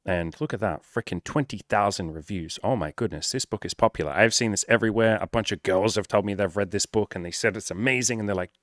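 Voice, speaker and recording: A man giving blunt, profane, energetic dating-coach advice in a casual talk straight to the camera. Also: on the low side, quick pace, hardly any pauses, no echo, clean studio sound.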